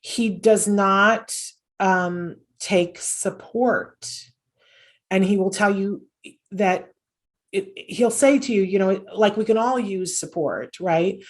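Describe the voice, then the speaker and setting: Speaking slowly at a medium pitch, a middle-aged woman, herself a podcast host and autism mom, earnestly tells stories as an interview guest. Fillers and restarts come up often in her conversational talk.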